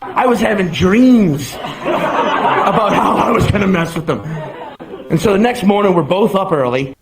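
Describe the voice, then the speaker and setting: A young man doing stand-up, telling an animated story and laughing through it. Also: high voice, measured pace, a crowd in the background. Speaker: stand-up comedian. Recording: roomy stage sound with background noise.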